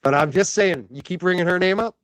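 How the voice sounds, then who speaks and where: A man's voice: high-pitched, a little fast, fairly bright tone, no room sound, clean studio sound. A man in a casual online video, issuing ominous, matter-of-fact warnings.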